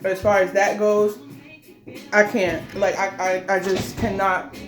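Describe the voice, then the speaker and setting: A woman's voice: medium pitch, level tone, a little slow, soft background music. Chatty woman rambling on over lunch, mid-height voice, echoey room. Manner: chatty, loose and rambling, full of fillers. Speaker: mukbang co-host. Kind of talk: casual chat while eating. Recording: roomy echo.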